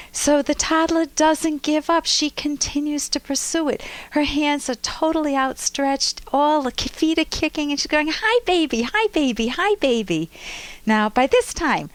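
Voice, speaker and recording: A woman psychologist and podcast host gives relationship advice and tells lively, detailed stories. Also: high-pitched, no echo. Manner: warm, lively storytelling with vivid detail. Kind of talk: relationship advice talk and storytelling.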